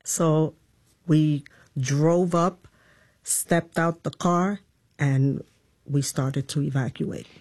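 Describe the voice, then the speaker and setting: A woman's voice: deep voice, fairly even intonation, very slow, long pauses, a little mellow, breathy edge, dry recording. A woman, a police officer, giving a plain, matter-of-fact account in an interview. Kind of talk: interview testimony.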